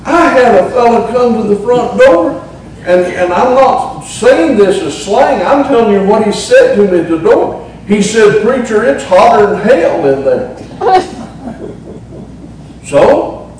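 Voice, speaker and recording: A man's voice: extremely high pitch, lively intonation, slow, darkish tone, slight background noise. A middle-aged man with a Southern Appalachian accent preaching a sermon as pastor, folksy and humorous, drawing out words for emphasis. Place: church sanctuary. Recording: echoey church, mic at a distance.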